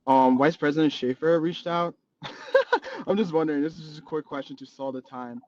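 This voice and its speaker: A young man in casual chat on a video call, curious and asking quick questions. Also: a little high, very animated, darkish tone, muffled recording.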